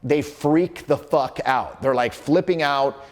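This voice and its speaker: Brisk, blunt male social skills coach. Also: medium pitch. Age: 40s. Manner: brisk, storytelling with acted quotes and swearing. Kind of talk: casual teaching talk to camera.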